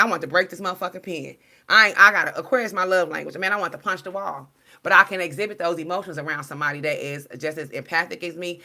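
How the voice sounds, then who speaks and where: A tarot card reader speaks straight to her followers in a casual direct-to-camera monologue, calling them y'all as she tells a story. Her voice is fairly low and creaky, and her delivery is blunt, profane, slang-heavy and animated.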